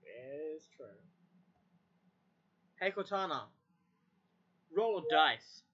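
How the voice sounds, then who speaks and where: A user testing a voice assistant casually barks commands at it, repeating them and muttering curses under their breath. The voice is medium-pitched, expressive and slightly rough with a bit of brightness, and it moves slowly. The dull lo-fi recording catches the speaker from a distance away from the mic.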